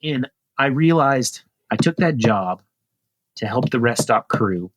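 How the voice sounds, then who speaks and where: A man's voice: medium pitch, measured pace, dry recording, clean studio sound. A man in his forties, a guest on a podcast, telling a story casually and acting out the dialogue by lifting his voice. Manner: animated, acts out dialogue in a raised voice. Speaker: podcast guest, retired pro cyclist.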